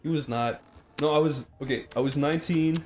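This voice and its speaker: A man's voice: fairly high pitch, fairly quick, faint music behind. A young Irish man on a casual podcast, telling a long story with lots of laughter. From Ireland. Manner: animated, breaks into laughter while telling a story. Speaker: co-host.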